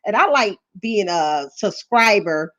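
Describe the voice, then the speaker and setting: A woman's voice: mid-range voice, lively intonation, slow pace, fairly bright tone, dull audio. A middle-aged woman hosting a livestream, chatting nervously and apologetically, with many ums and you-knows. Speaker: YouTube live-stream host. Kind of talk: casual livestream chat.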